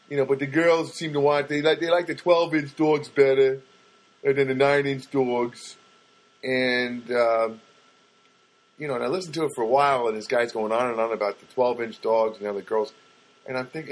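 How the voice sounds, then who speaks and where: A man's voice: mid-range voice, steady tone, moderate pace. Rambling, wry middle-aged man. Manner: rambling, wry, self-mocking. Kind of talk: casual comedic monologue.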